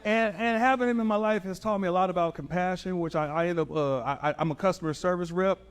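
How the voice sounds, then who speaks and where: High-voiced man telling a stand-up story. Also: fast talker. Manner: animated storytelling, punchy. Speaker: stand-up comedian. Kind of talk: stand-up set.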